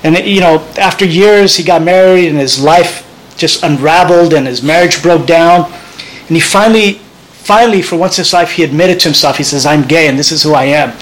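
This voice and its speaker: A man's voice: fairly high pitch, brisk, poor audio. A man preaching a sermon as pastor, earnest and conversational, often restarting his phrases.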